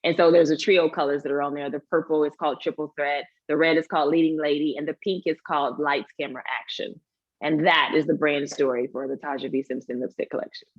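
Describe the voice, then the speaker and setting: A woman who is an actor and author chats as a guest in a casual interview, speaking quickly in a low voice. She's an animated storyteller who acts out the voices she quotes. The audio is dull but free of echo.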